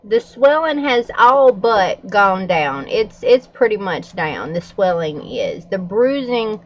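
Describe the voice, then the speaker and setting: A woman's voice: mid-range voice, sing-song, takes it slowly. Woman vlogger, middle-aged, candid and chatty, slightly muffled recording, faint background hum. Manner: chatty and candid, frequent laughs and fillers. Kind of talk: casual chat to camera.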